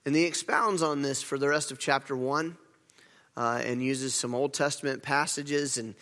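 A man's voice: mid-range voice, steady tone, normal speed, fairly bright tone. A man preaching a sermon as pastor, earnest, often repeating words and restarting phrases. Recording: long hall reverb.

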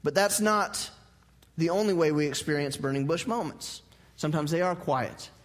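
High-voiced pastor in a reverberant hall. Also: male voice, normal speed. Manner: conversational and joking, repeating key phrases. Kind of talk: sermon. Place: church sanctuary.

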